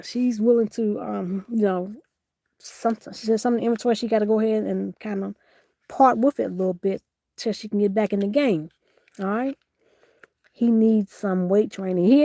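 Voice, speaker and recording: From her phone, a woman hosts a casual live-stream sale, joking, teasing and laughing as she reads viewers' comments aloud at a moderate pace. Her voice is lively and a little high. The sound is close and dry, with no room echo.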